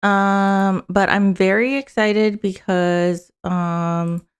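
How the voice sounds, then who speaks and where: A woman's voice: mid-range voice, steady tone, drawn-out words, clear, resonant tone. A young woman hosting her own political live stream, chatting loosely with lots of fillers and casual swearing.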